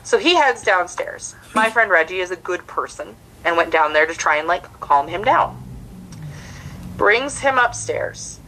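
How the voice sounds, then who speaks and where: On a podcast, a young comedian from the US speaks in a lowish voice, a bit slowly, over slight background noise in a low-quality recording. As a guest telling a casual story, she's animated and performs the characters in it.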